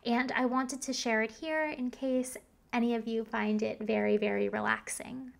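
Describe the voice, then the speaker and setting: A woman hosting her ASMR channel, leading a manners-practice role-play at normal volume with slow, patient repeat-after-me phrases. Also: on the high side, fairly even intonation, vocal fry. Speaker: ASMR creator.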